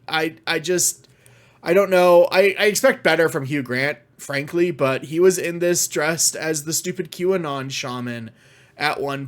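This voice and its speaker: Fired-up, ranting higher-voiced man. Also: a bit bright. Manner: exasperated ranting with frequent swearing; halting restarts when worked up. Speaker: vlogger reviewing media. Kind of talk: casual spoken review.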